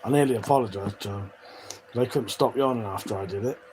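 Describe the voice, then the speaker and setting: A man's voice: on the low side, fast, a little mellow, slight background noise, rough recording. A man hosting a livestream, casually chatting, swearing often and laughing as he reads viewer comments. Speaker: livestream host. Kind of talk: casual live chat reading viewer comments.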